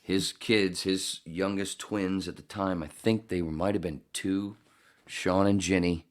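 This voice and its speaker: A middle-aged man with an extremely deep, low voice tells a long, meandering story on a podcast. He swears freely, laughs often and wanders off on tangents as he goes. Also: fairly even intonation, measured pace. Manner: profane, rambling, laughs often. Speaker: podcast host. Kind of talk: casual storytelling.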